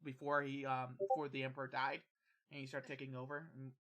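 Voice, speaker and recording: Halting man narrating a tabletop game. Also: mid-range voice, level tone, fairly bright tone. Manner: halting, full of restarts and "like". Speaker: game master.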